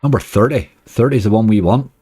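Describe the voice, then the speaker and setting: A Northern Irish man streams casino games live, chatting away to his viewers and grumbling at the near misses. His voice sits low and mellow, with a dry, close sound. Faint game music plays behind him. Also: fast talker, breathy edge, dry recording. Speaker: slots streamer.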